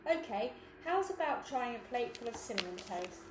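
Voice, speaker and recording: A kind, flustered grown woman, as a woman reader voices her, fussing and apologetic, pitched a little high. The voice comes from an echoey room with a faint hiss behind it. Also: sing-song, normal speed.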